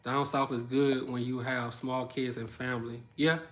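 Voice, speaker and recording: A man's voice: medium pitch, normal speed, slight background noise. A young man with a New Orleans Southern accent, chatting casually on a livestream, answering comments and telling stories with frequent laughter. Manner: laughing often, animated storytelling. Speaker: livestream host.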